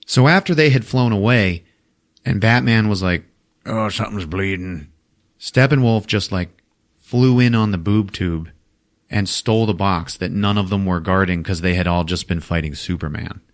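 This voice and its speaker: A man's voice: deep voice, normal speed. A man hosting a podcast, casually retelling a movie plot in a loose, profane way and laughing often. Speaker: podcast host.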